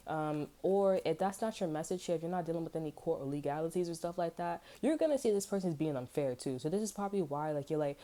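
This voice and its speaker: A woman's voice: low-pitched, fast, warm tone. A woman giving a casual, rambling tarot reading, talking bluntly and swearing freely, with "you know what I'm saying" over and over. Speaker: tarot reader.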